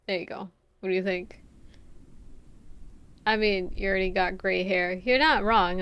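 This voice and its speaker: A woman's voice: mid-range voice, fairly even intonation, a little slow, pauses often, a bit bright, smooth, dry recording. A young adult woman streaming a game, chatting casually, reading chat aloud and laughing often. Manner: giggly, playful, reads chat aloud.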